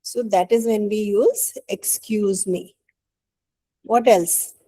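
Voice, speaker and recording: A woman's voice: mid-range voice, fairly even intonation, takes it slowly, mellow, rough recording. A woman teacher with an Indian English accent giving an online English lesson. She is patient and coaxing, and she often checks in with "right?".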